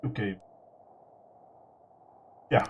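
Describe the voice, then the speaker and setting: A man hosting a let's play, sick and hoarse, talking in a halting, apologetic way. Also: slight background noise. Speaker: gaming channel host. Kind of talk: casual let's play commentary.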